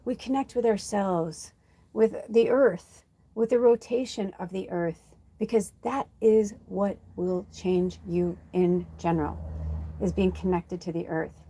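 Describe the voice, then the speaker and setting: A woman working as a spiritual medium, talking in a chatty, animated way on a live-stream reading and calmly coaching listeners with encouraging affirmations. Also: mid-range voice, measured pace. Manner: chatty, animated, sprinkles in "like" and "you know".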